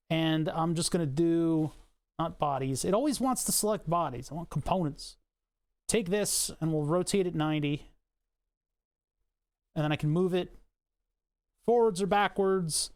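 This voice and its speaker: A man's voice: sits high, a little mellow. A man casually chatting to his livestream chat while working on a design, rambling with joking asides and self-mocking laughs. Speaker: streamer.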